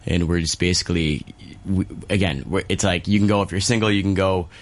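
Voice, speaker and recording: A man with a very deep voice talks loosely about running a restaurant. He rambles a little and leans on fillers, keeping the tone relaxed and conversational. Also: fairly quick. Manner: rambling, easygoing, many fillers. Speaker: chef and restaurateur guest. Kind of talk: casual radio chat.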